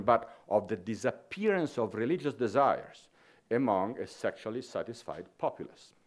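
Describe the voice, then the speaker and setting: A man giving an academic conference lecture, deliberate and careful, stopping to reread his main point and check in with the audience. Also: fairly low pitch.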